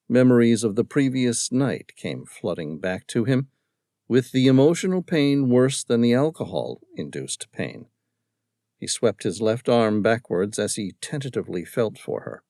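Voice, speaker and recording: A male audiobook narrator reading a novel in steady, even storytelling. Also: lowish voice, no room sound, clean studio sound. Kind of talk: scripted narration.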